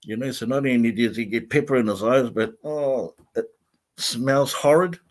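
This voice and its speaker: A man's voice: medium pitch, normal speed. A man hosting a livestream, reading out viewer comments and rambling in a chatty way with frequent laughter. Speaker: vlogger host.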